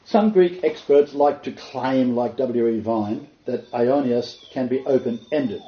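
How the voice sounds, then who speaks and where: A man's voice: mid-range voice, a little slow, echoey room, highs cut off. A man giving sermon-style Bible teaching, reading quotations with expression and adding his own asides. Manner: reads poetry and quotes expressively, then comments in asides.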